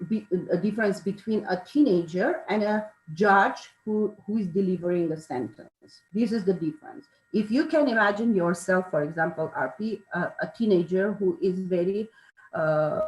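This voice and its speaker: A woman explains things slowly and carefully. She often pauses, uses fillers and corrects herself mid-phrase. Her voice carries a roomy echo. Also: mid-range voice. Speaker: speaker on charisma. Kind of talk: informal talk with a participant. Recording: echoey room.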